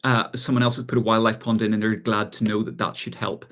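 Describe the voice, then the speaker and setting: A man with an Irish accent hosting a relaxed live chat, reading out viewer questions and answering them with easy laughs. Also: on the low side, fast talker. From Ireland. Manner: relaxed, chatty, reads out viewer comments and laughs often. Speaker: gardening channel host.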